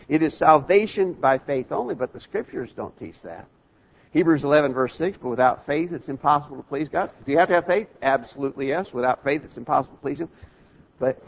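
Male preacher, earnest and plain-spoken, somewhat high voice, dull lo-fi recording. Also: breathy edge. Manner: earnest, plain-spoken, with frequent ums and repeated words. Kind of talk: sermon. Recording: dull lo-fi sound.

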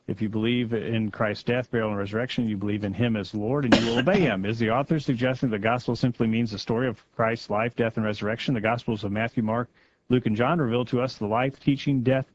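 A man hosting a live Bible discussion show, reading viewers' comments aloud in an easygoing, measured way. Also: medium pitch, no echo, muffled recording.

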